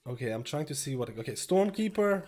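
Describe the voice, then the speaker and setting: A man's voice: fairly high pitch, a little fast, faint music behind. Stuffy-nosed man narrating gameplay. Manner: excited bursts over a steady explaining tone. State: slightly stuffy, a little sick. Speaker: gameplay streamer. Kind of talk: casual gameplay commentary.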